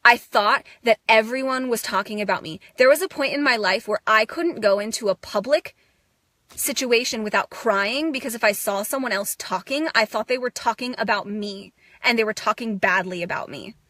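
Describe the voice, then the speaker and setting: A woman's voice: on the high side, normal speed, pushed and bright, dry recording, studio quality. A young woman giving a raw, emotional self-help monologue, intense and swearing, breaking into bursts of laughter. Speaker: spiritual speaker.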